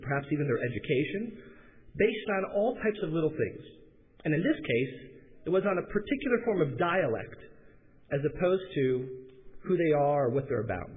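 Man giving a storytelling sermon. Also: fairly high pitch. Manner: conversational, self-deprecating storytelling. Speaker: rabbi. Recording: echoey hall, thin phone-like sound, faint hiss.

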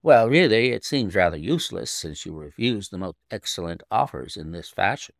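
A man's voice: sits low, sing-song, moderate pace, creaky, no room sound, clean studio sound, heavily acted. A man reading an audiobook, voicing a curt, annoyed woman who runs an employment agency. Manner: curt, sharp.

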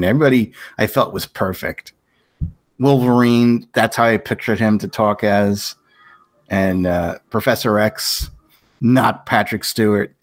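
A man co-hosting a podcast, talking in plain, blunt casual chat. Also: lowish voice. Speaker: podcast co-host.

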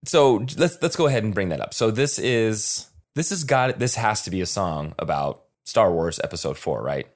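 Man, podcast co-host, very low voice, eager, halting music chat. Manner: animated, halting, restarts often. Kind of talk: casual chat.

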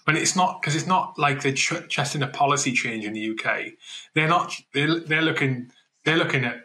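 A man's voice: a little high, normal speed, pushed and bright, poor audio. A man co-hosting a casual current-affairs podcast, chatty and thinking aloud as he talks. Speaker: podcast co-host.

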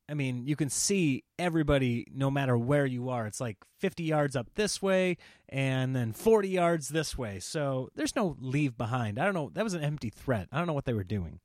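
Animated storytelling comedian, dry studio sound. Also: male voice, medium pitch, no echo. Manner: animated, acts out quotes in raised voices. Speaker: comedian podcast host. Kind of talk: comic storytelling.

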